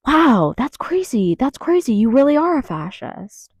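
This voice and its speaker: A woman's voice: high-pitched, big pitch swings, measured pace, a little mellow, husky, no room sound, clean studio sound. A young American woman ranting angrily in a vlog, swearing and restarting her sentences, recorded in her closet. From United States. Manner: angry, swearing, rambling with many restarts.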